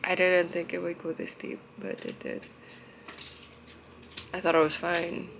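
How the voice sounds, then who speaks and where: Tearful young woman, slow and gravelly. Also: on the low side, level tone, slight background noise, rough recording. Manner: halting, emotional, trailing off into soft murmurs. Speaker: vlogger. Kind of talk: confessional vlog.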